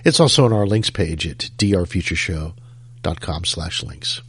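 A man's voice: sits low, animated, normal speed, fairly bright tone, husky. A man hosting a talk radio show, speaking in an easygoing way and chuckling between thoughts.

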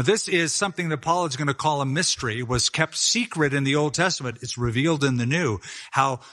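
A man's voice: on the high side, sharp tone. A male pastor preaching an expository sermon in a conversational way, with self-deprecating asides.

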